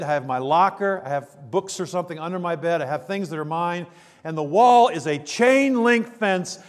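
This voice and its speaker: A male preacher delivers a sermon that swings between loud, emphatic peaks and hushed, low passages, with a long reverb tail on the sound.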